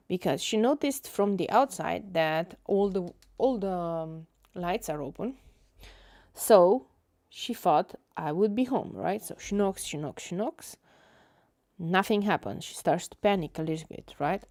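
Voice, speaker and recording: A woman's voice: lowish voice, a little mellow, no room sound, clean studio sound. A young woman hosting an art livestream, telling a story in a chatty, rambling way with many fillers. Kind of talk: casual storytelling while painting.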